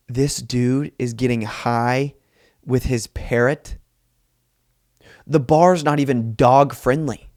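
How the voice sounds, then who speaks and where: A man's voice: mid-range voice, dry recording, clean studio sound. A man in his twenties hosting a solo comedy podcast, telling a rambling, self-mocking story with lots of asides. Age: 20s. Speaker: podcast host.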